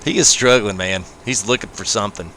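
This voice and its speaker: Late at night, a man streams a farming game live and talks casually with his viewers, laid-back and laughing a lot, ending many phrases with "man." His voice is on the low side, a little fast, pushed and bright, with a little hiss or hum.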